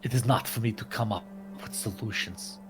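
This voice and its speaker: A man playing a tabletop role-playing game, speaking gravely and deliberately in character. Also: on the low side, music in the background. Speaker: player. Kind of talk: in-character scene and table talk.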